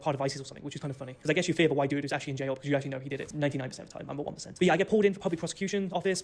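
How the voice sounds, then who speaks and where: Male storyteller, quick, slightly high, cocky and ranty. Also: darkish tone. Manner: rapid, boastful, ranting delivery. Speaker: storyteller in a played video. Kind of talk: fast first-person storytelling.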